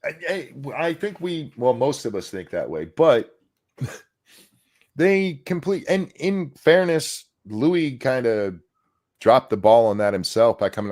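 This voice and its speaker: Co-host, middle-aged man, lively swinging pitch, opinionated rant. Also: slow. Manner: animated, opinionated ranting. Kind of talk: casual podcast chat.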